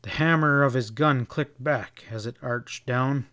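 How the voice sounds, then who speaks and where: A man's voice: mid-range voice, unhurried, fairly bright tone. Man narrating a western audiobook.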